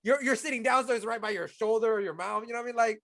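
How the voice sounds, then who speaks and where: Male co-host, high-pitched voice, laid-back casual movie review chat, slangy and quick to laugh. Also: gravelly, a bit bright. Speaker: podcast co-host.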